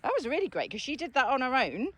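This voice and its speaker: A woman, working as a dog trainer, chatting casually to camera on a walk and praising the dogs in bright sing-song bursts. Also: sits high, big pitch swings, fast talker, husky, no room sound. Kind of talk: casual vlog chat while training dogs outdoors. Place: outdoors on a walk.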